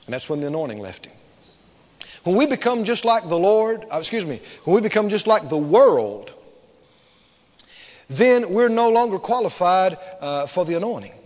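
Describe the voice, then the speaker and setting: A man preaching a sermon emphatically, repeating phrases and swinging from loud to hushed. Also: sits high, big pitch swings, moderate pace. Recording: dull sound, long hall reverb.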